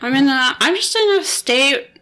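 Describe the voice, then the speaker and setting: A woman co-hosting a podcast in casual chat, blunt and quick to swear. Her voice is bright and lively, swinging widely in pitch as she jokes and grumbles. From Minnesota, US. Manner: blunt, swears freely, grumpy banter. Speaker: podcast co-host.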